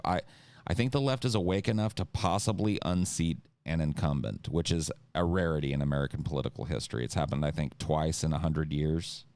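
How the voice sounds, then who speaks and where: A man on a podcast, ranting about politics, swearing often and mocking others with quick impressions. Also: rumbling low, no room sound. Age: adult (an incumbent lost twice in his lifetime). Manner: profane, animated, mocks others with impressions. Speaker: podcast co-host. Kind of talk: heated political podcast rant.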